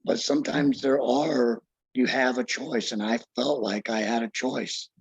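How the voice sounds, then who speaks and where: A man speaking as a podcast guest, halting and searching for words in casual conversation. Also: medium pitch, fairly even intonation, creaky, husky, no echo, muffled recording.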